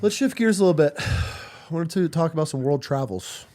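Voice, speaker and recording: A male podcast host with a slightly high voice. He talks bluntly and casually, full of slang. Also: lively intonation, moderate pace, darkish tone.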